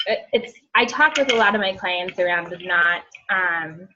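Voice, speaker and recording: A woman's voice: on the low side, a little slow, background noise. A woman in her thirties talks in a rambling, casual way, full of likes and ums. She sounds like a therapist chatting with a group. The audio is dull and lo-fi, like a video call.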